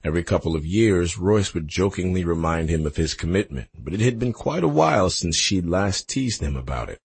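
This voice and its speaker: A male narrator reads a nonfiction audiobook with expressive delivery. His voice is gravelly and husky. His pitch moves in a lively way. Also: a little fast. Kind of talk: scripted narration.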